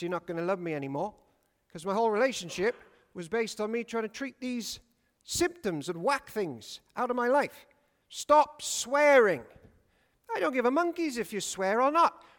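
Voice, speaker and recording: Lively high-voiced preacher in a church hall. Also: male voice. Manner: lively, humorous, asks the congregation questions. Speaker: pastor. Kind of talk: sermon.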